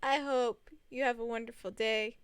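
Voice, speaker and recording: High-voiced young woman telling a story. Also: fairly even intonation, normal speed, clean tone, no room sound. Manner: chatty and rambling, with many fillers. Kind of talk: casual storytime narration.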